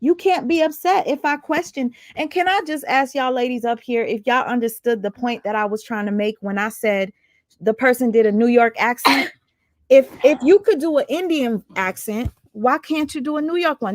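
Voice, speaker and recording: A woman's voice: a little high, moderate pace, no echo, clean studio sound. Questioning woman hosting a live panel. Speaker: live stream host. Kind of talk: heated casual panel chat.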